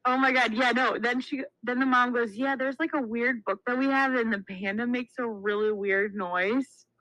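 A woman in her twenties, co-hosting a casual chat podcast and telling stories in an animated way, acting out the quotes. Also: a little high, moderate pace, no echo, rough recording. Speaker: podcast co-host.

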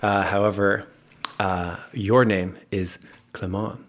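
An American man hosts a casual podcast interview, chatty and quick to joke. His voice sits on the low side. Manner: upbeat, joking, chatty. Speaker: podcast host.

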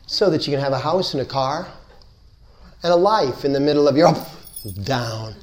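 A man giving a spiritual lecture, unhurried and playful, repeating words in rhythmic build-ups. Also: on the high side, expressive, a little mellow. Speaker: spiritual teacher.

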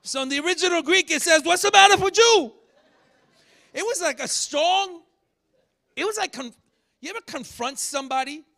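A man preaching a sermon, teaching from scripture and acting out sharp rebukes with rising shouts. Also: very high-pitched, fairly quick. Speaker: pastor.

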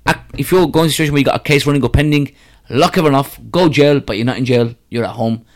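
A man's voice: mid-range voice, fast talker. A man telling a story and giving advice in an emphatic, repetitive way, full of street slang.

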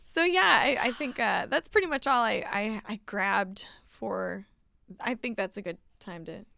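A woman's voice: mid-range voice, measured pace, creaky, pushed and bright, no echo, clean studio sound. A young woman co-hosting a spiritual podcast, chatting casually and laughing often between her words. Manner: giggly, laughs often while talking. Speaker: podcast co-host. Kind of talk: casual chat.

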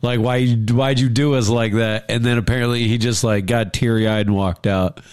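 A man of middle pitch chatting loosely about college football, full of swearing and acted-out quotes. He sounds loose and worked up. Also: normal speed, smooth. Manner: animated, swears freely, acts out quotes. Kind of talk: casual sports chat.

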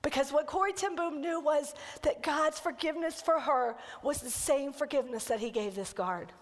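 A woman kids' pastor telling a story in a sermon and then leading the congregation through a slow, earnest breathing prayer. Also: sits high. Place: church sanctuary. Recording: church hall with long reverb.

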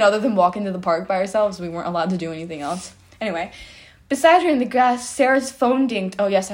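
A hoarse woman hosting a podcast, reading her old stories aloud with giggly, self-mocking asides. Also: medium pitch. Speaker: podcast host.

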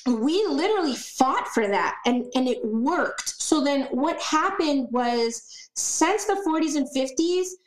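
High-voiced woman in an echoey room. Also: lively intonation, takes it slowly. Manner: emphatic, repeats words for stress. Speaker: podcast guest. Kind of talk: casual conversation.

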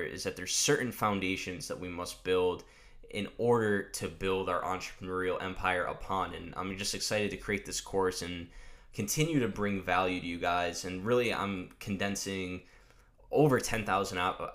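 A man hosting a podcast, giving a loose, energetic motivational monologue and swearing casually. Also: sits low. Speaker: podcast host.

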